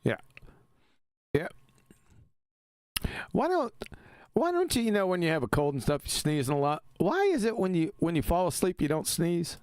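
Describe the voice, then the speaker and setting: A man's voice: high voice, huge pitch swings, normal speed, pauses often, a little mellow, clear, resonant tone, no room sound. A man hosting a casual live stream, talking in an emphatic, argumentative way and laughing easily.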